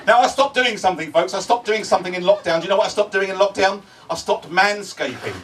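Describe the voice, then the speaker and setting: A man's voice: high-pitched, fast, far from the mic, heavy background noise. An older man doing a stand-up comedy set, chatty, repeating his phrases and checking in with the crowd. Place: comedy club stage before a laughing audience.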